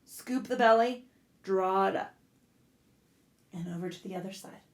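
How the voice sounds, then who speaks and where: A woman yoga instructor guides a class aloud in a casual, profane style, now and then veering into blunt, joking rants. Her voice is mid-range and measured, and the room sounds echoey.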